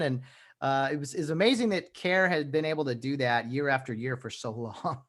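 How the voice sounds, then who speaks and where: A man's voice: medium pitch, normal speed, a bit bright. A man hosting a casual interview, easygoing, laughing along and asking long, loose questions. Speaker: host.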